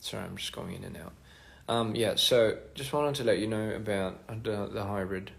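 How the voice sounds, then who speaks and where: A young man casually chatting on a phone livestream, reading fan comments aloud with halting restarts and many fillers. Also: on the low side, vocal fry. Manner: halting, many restarts and fillers, switching between English and Korean. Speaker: musician hosting a livestream.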